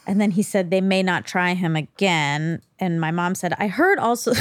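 A woman's voice: fairly low pitch, normal speed, slight background noise. A woman co-hosting a podcast in casual chat, telling stories with a lot of laughter and acting out quotes. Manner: chatty storyteller, laughs often, acts out quotes. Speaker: podcast co-host.

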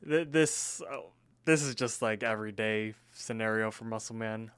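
Smooth-voiced man, hesitant casual podcast chat. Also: fairly low pitch, moderate pace, a bit bright. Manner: hesitant, many ums and restarts. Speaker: podcast co-host. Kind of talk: casual chat and episode recap.

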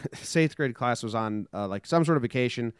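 Rambling young man with a smooth voice. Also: medium pitch, lively intonation, normal speed, no echo, clean studio sound. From United States. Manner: rambling storyteller, acts out quotes in silly voices. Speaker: podcast co-host. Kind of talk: casual comedic chat.

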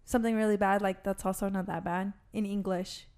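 A woman's voice: mid-range voice, little pitch movement, fairly quick, darkish tone, smooth. A woman co-hosting a podcast, chatting playfully and leaning on fillers. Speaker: podcast co-host. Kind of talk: casual chat.

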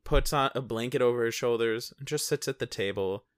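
A man's voice: mid-range voice, fairly quick, no room sound. A man with a mid-range voice talks casually with a co-host, recapping a film in loose, rambling sentences and swearing freely. The recording is dry and close, with no room sound. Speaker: podcast co-host.

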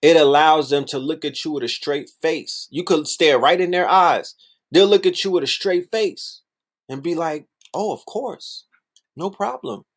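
Speaking in a fairly high voice, this man rambles animatedly and casually, leaning on slang and phrases he says again and again. He sometimes imitates others' voices to poke fun at them.

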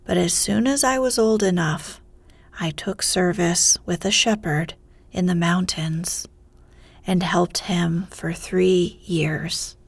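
A woman reading a fairy tale aloud in a soft voice that often drops to a whisper, in whispered storytelling. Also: on the low side, slow, creaky, husky, no room sound.

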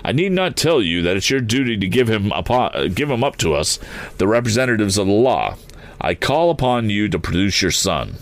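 A man's voice: lowish voice, very animated, fairly quick, dry recording, voice pushed up. A man voicing a grim middle-aged police chief in a read-aloud story, stammering at first and then firm and testy. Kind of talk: audiobook character voice.

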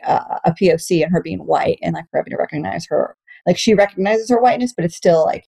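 A woman's voice: fairly low pitch, vocal fry, mellow. A woman comedian from Texas, chatting casually about her dating life, telling stories candidly, swearing often and laughing as she goes. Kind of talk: casual podcast chat, storytelling.

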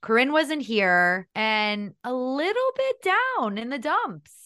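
Bright-voiced woman chatting on a podcast. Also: sits high, takes it slowly. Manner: chatty, animated storytelling with filler words. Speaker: podcast co-host. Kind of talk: casual chat.

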